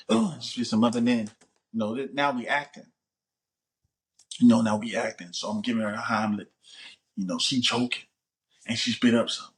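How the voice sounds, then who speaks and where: A man's voice: mid-range voice, normal speed. A man hosting a casual vlog, joking around in loose, laid-back slang. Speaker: vlog host. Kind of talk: casual chat to camera.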